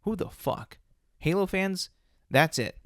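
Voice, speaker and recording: A man's voice: high-pitched, animated, takes it slowly, a bit bright, no echo, clean studio sound. Blunt, profane man hosting a solo podcast. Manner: blunt, profane, repetitive ranting. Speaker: podcast host.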